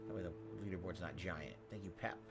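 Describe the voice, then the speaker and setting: A man streaming a video game, chatting casually and swinging from loud excited outbursts to low muttering. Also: quick pace, over loud music. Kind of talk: casual gameplay commentary.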